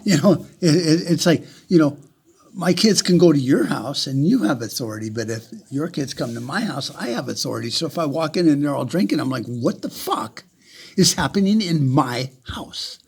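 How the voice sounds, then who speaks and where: Heated, profane man ranting, husky voice. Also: on the high side, expressive, a little fast, darkish tone. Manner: repeats words and restarts often. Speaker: vlogger. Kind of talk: angry rant to camera.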